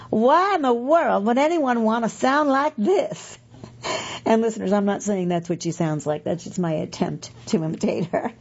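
Husky woman reading a magazine aloud. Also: on the low side, mellow, highs cut off. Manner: chatty, self-correcting with fillers and asides. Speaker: podcast reader of a magazine.

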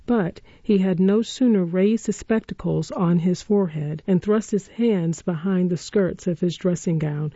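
Low, mellow woman reading a storybook. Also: no echo. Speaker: audiobook narrator. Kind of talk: storybook narration. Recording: dull, dry lo-fi recording.

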